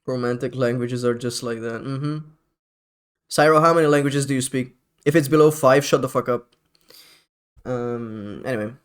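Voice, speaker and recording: A man's voice: medium pitch, moderate pace, long pauses, clear, resonant tone. A man streaming live, chatting casually in a rambling, profane way with frequent laughs.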